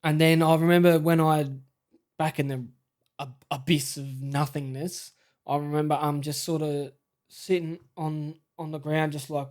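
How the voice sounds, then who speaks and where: An Australian man telling a personal story in a halting, stammering, shaken way. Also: a little high, little pitch movement, darkish tone. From South Australia. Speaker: vlogger.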